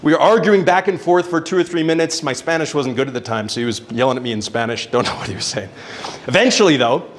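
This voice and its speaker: A young adult man telling a casual, animated story as a speaker at a networking event, swearing now and then. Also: a little high, quick pace, a little hiss or hum. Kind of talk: storytelling talk on stage. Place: event venue with live audience.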